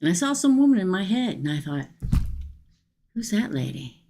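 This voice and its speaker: With a mellow, medium-pitched voice that swings widely in pitch, this middle-aged woman runs a tarot reading on a livestream at normal speed. She chats emphatically, often checking on her viewers with an "okay?"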